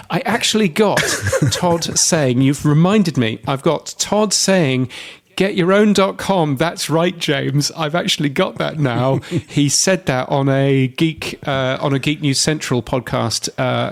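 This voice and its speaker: A man's voice: medium pitch, creaky. A man co-hosting a podcast, chatting casually with plenty of fillers. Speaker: podcast co-host.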